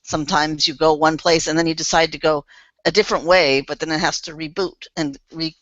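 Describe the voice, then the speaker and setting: A woman in a casual group chat, speaking hesitantly with many pauses and ums. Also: deep voice, fairly even intonation, fairly bright tone, no echo, highs cut off. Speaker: group participant.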